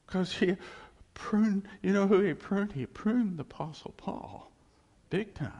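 A man's voice: sits high, unhurried, slightly rough, in a large hall, lo-fi sound. A man preaching a sermon, telling stories and acting out the voices he quotes. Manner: animated storytelling, acts out quoted voices, chuckles.

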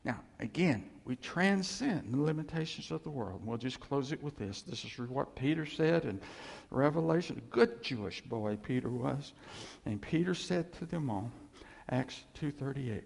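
A man pastor preaching a sermon, emphatic and repetitive, reading scripture slowly. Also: medium pitch, lively intonation, gravelly, a little mellow, breathy edge. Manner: emphatic, repeats phrases, reads scripture slowly. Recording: echoey hall.

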